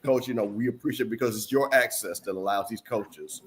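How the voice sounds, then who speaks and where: A man's voice: fairly low pitch, a little fast, a little hiss or hum. A man hosting a sports talk show, teasing his co-hosts and laughing through a rambling sign-off. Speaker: show host. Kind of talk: casual sign-off banter.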